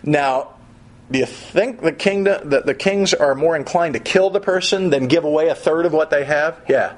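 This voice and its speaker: A pastor preaching a sermon in a conversational way, reading scripture and adding humorous asides. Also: male voice, a little high, moderate pace.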